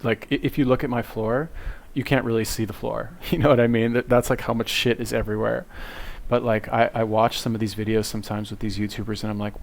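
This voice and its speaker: A man's voice: fairly low pitch, little pitch movement, a little fast, creaky. A young man giving rambling, profane reaction commentary from his cluttered bedroom into a webcam, full of fillers and self-mockery. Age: young adult. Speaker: video commentator.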